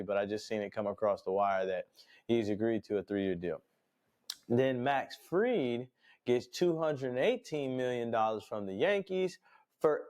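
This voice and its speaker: A man's voice: medium pitch, a little mellow. A man from New York hosting a sports podcast, ranting bluntly and profanely in casual talk.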